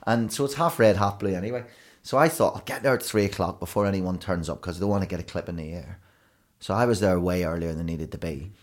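Northern Irish man telling stories, low voice. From Northern Ireland. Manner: lively storytelling, quick asides. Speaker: broadcaster guest. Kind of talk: podcast conversation, anecdote telling.

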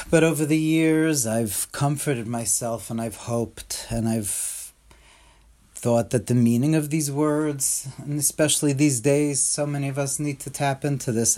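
A man, a Jewish religious teacher, giving an earnest devotional Torah talk. He stretches out the prayer words as he pleads and often sinks into a hushed, soft voice. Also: medium pitch.

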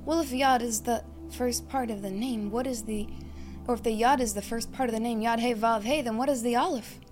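Soft-spoken woman preaching over faint music. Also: on the high side, steady tone, fairly quick. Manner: reflective, teaching with questions and lists. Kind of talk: sermon teaching.

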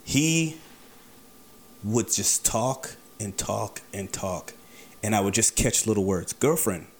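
A man with a slightly low voice recounts a personal story in an easy, conversational way. His delivery is wry, and he leans on repeated words for emphasis. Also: expressive, slow pace, slight background noise. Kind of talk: casual personal anecdote.

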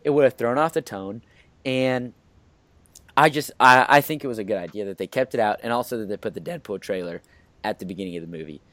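A man leads a casual movie review chat, offering eager opinions and saying "you know" a lot. He talks fast in a lowish, fairly bright voice, and the recording is dry.

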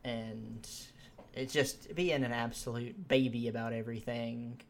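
A man's voice: medium pitch, steady tone, unhurried, vocal fry, slight background noise. A man co-hosting an amateur podcast, talking politics in a laid-back, hesitant way with many fillers. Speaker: podcast co-host. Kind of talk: casual political chat.

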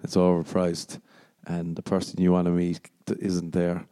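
A man hosts his own podcast alone and rambles through one rant after another. His voice sits fairly low and sounds mellow and relaxed. The talk is profane and sardonic, and he often mimics other people mockingly. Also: moderate pace, clear, resonant tone, no room sound. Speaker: podcast host. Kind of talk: casual solo rant.

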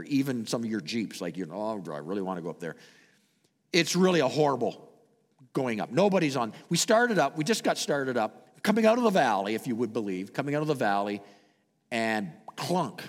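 A Canadian man preaching a sermon and telling stories, swinging dramatically between loud and hushed delivery. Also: medium pitch, big pitch swings, a little fast, long reverb tail. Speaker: pastor. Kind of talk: sermon with storytelling.

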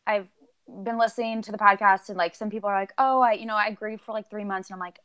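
A woman's voice: medium pitch, steady tone, fast, a bit bright. A woman guest on a podcast, talking casually and at length with many "like"s and "um"s, acting out her own remembered lines. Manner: rambling, lots of "like" and "um", acts out her own quotes. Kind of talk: casual chat.

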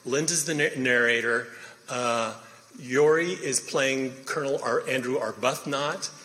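A man introducing the cast of a play reading, halting with many pauses and fillers. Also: mid-range voice, pushed and bright. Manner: halting, many ums and uhs. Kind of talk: casual spoken introduction. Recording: reverberant hall.

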